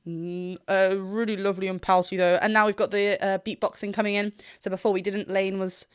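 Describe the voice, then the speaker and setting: A woman vocal coach giving excited reaction commentary, laughing often and singing snippets to show what she hears. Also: medium pitch, a little fast, few pauses, smooth. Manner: animated, laughs often, sings snippets to demonstrate.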